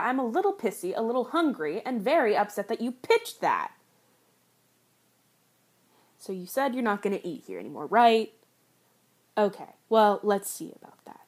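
A woman performing an adult audio role-play, teasing and sarcastic, often slipping into soft whispers. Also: medium pitch, husky.

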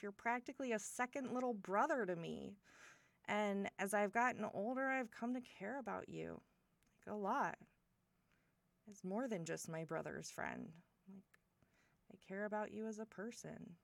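A woman's voice: mid-range voice, normal speed, creaky, no room sound. A woman performing a one-sided audio role-play as a friend's older sister, teasing and affectionate toward a silent listener.

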